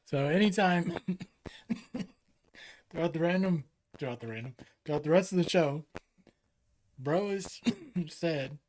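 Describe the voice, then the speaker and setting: Male podcast co-host, somewhat higher voice, loose rambling banter. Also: takes it slowly, pauses often, darkish tone. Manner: rambling, joking, full of "you know". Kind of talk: casual chat.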